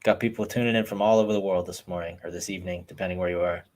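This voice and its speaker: Low-voiced, fast-talking skeptical man. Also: fairly even intonation, darkish tone. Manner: skeptical, quick back-and-forth. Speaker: podcast co-host. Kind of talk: casual live fight watch-along chat.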